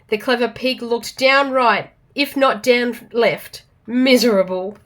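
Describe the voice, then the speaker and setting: A woman with an Australian accent reading a storybook aloud to children, expressive and animated. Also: a little high, measured pace, few pauses.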